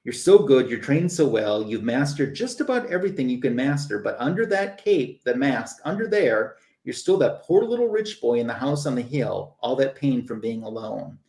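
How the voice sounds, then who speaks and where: A man's voice: medium pitch, very animated, moderate pace, hardly any pauses, mellow. A man voicing a flirtatious female cat burglar in a playful, teasing way. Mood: taunting. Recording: roomy echo.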